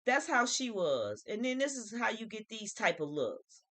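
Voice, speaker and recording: Fairly high-pitched and sing-song, with a fairly bright tone at normal speed, this woman hosts a laid-back reality TV commentary vlog. Her delivery is emphatic and full of slang, and she tends to repeat phrases.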